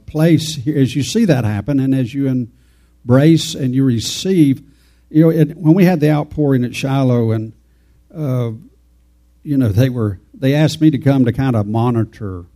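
A man preaches in a loose, homespun way, wandering through his points and chatting with the people in the pews. His voice sits at an ordinary pitch with a dark, mellow tone. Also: moderate pace. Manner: folksy, rambling, talks to the congregation. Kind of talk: informal folksy sermon.

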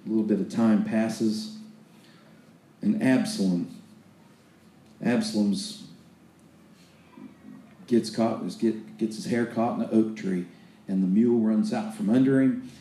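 A preacher with a low, very dark and mellow voice, telling Bible stories in a loose, chatty way. He stumbles and restarts as he goes. His voice rings in an echoey room. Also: steady tone, a little slow, pauses often, slight background noise. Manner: loose, conversational storytelling with restarts and acted-out quotes. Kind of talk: sermon retelling Bible stories.

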